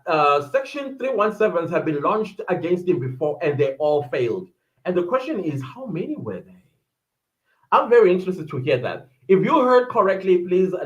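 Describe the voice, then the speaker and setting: South African man, high-pitched, chatty live-stream commentary, slightly muffled lo-fi sound. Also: fairly bright tone. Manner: chatty, reads viewer chats aloud and reacts.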